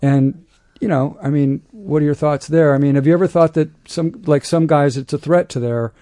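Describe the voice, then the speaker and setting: A man's voice: a little high, steady tone, moderate pace, mellow, dry recording. A man hosting an interview in a studio, talking casually and supportively with some hesitation. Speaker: host. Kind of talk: interview conversation.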